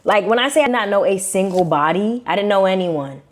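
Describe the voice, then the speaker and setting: Fast-talking young Brooklyn woman storytelling. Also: medium pitch. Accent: New York. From Brooklyn, New York. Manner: animated, slangy, acts out quotes in shifting voices. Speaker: vlogger. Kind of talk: casual storytelling to camera.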